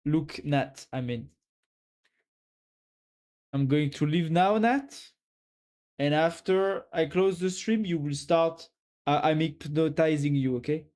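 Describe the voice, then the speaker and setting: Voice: medium pitch, takes it slowly, pauses often, darkish tone. A streamer with a French accent, chatting casually on a live stream and teasingly giving a viewer a pep talk.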